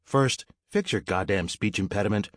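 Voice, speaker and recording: A man's voice: lowish voice, normal speed, no echo, studio quality, pitched above the performer's own voice, close to an everyday voice. A man voicing a reckless male smuggler who talks in a mocking, smirking way.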